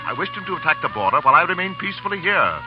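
A man's voice: on the high side, very animated, rapid-fire, over music, rough recording. An actor playing a scheming male border chieftain with an Oxford accent, in 1940s radio acting style. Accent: Oxford English.

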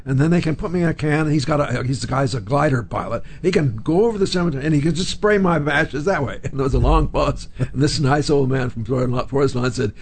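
Talking fast with hardly a pause, this older interview guest has a medium-pitched voice with vocal fry and a breathy edge. His anecdotes come with chuckles, and he performs the voices of the people he quotes.

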